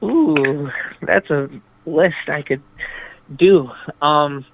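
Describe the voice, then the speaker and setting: A man's voice: on the high side, extremely slow, gravelly, background noise. A man being interviewed as a rapper, talking enthusiastically and swearing casually. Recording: dry phone line.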